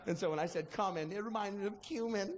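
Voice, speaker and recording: A man performing a stand-up comedy routine, telling a story with animated delivery and acting out the people in it. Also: sits high, fast talker. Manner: animated storytelling, acts out characters, shouts punchlines.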